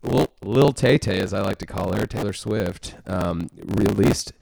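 Gravelly low-voiced man from Texas. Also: a little slow, a little mellow, dry recording. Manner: rambling, self-mocking, many fillers and restarts. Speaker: podcast co-host. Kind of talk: casual music podcast chat.

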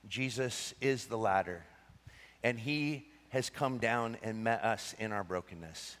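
A man's voice: lowish voice, measured pace. Preaching man in an echoing hall. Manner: animated preaching, swinging between excited and hushed. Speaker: pastor. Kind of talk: sermon.

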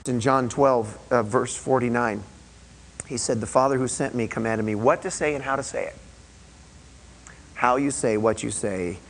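A man's voice: medium pitch, rough recording. A male pastor preaching to a small group in a room, talking in a conversational way with frequent restarts and questions to the listeners. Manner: conversational, halting, with many restarts and rhetorical questions. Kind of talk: sermon.

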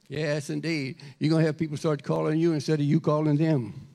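A man preaching a sermon in a conversational, animated way, speaking directly to the congregation. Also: on the high side, brisk, creaky. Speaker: pastor.

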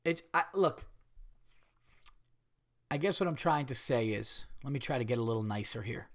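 A middle-aged male comedian hosting a podcast, delivering a profane ranting monologue that swings from yelling to calmer musing. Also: medium pitch, moderate pace.

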